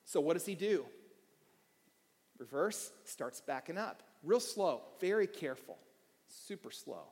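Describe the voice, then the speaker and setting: A man preaching a sermon as pastor, telling a story with quiet asides and bursts of shouting. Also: fairly high pitch, lively intonation, measured pace. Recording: long hall reverb.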